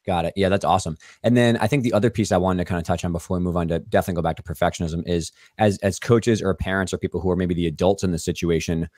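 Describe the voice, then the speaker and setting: A man's voice: sits low, steady tone, darkish tone, no room sound, studio quality. A man hosting a podcast interview, explaining in a casual way with lots of "like". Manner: quick, explanatory, hedging with "like". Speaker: podcast host.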